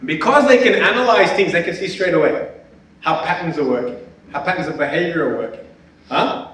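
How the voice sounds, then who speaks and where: A man, a spiritual teacher, gives a lively lecture full of anecdotes. He laughs often and checks in with his listeners by asking "yeah?". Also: a little high, brisk. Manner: animated, laughs often, ends points with a questioning "yeah?". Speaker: spiritual teacher giving a talk. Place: lecture hall at a festival symposium. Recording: very echoey hall, speaker far from the mic.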